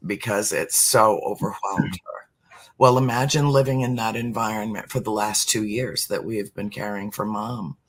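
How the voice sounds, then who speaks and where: A middle-aged speaker talking earnestly about spirituality as a podcast guest, slowing down to stress words. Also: mid-range voice, fairly even intonation. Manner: earnest, emphatic, slows for emphasis. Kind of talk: heartfelt spiritual talk.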